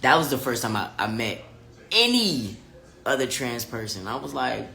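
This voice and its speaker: A man's voice: mid-range voice, expressive, normal speed, creaky, sharp tone, reverberant. A man livestreaming casual chat to his viewers and reading their comments, candid, profane and emphatic. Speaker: vlogger talking live to viewers.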